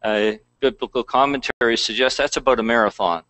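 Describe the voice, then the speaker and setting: A man's voice: medium pitch, fairly quick, pushed and bright, no room sound, low-quality recording. A man pastor preaching a conversational sermon, reading scripture aloud between plain asides.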